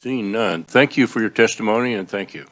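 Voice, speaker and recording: Low-voiced man chairing a hearing. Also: fairly quick, fairly bright tone. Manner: procedural, easygoing, with fillers. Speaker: committee chair.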